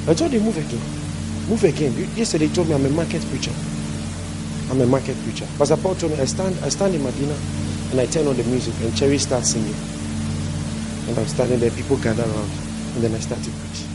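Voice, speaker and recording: A man's voice: mid-range voice, poor audio. A man preaching a sermon as pastor, emphatic and repeating his key phrases for stress.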